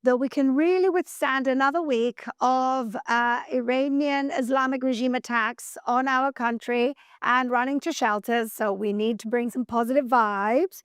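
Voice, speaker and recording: A woman hosting a TV news show, her voice sitting a touch high and sounding dry and close, with no room around it. She delivers opinion commentary emphatically, scolding and slowing down to hammer key words. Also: steady tone, smooth, no room sound.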